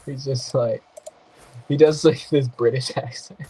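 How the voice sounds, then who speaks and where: A young man commenting on his own mobile game match, excitable and swearing freely, with quick apologetic asides. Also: mid-range voice, slightly rough. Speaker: gaming podcast host. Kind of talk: casual gameplay commentary.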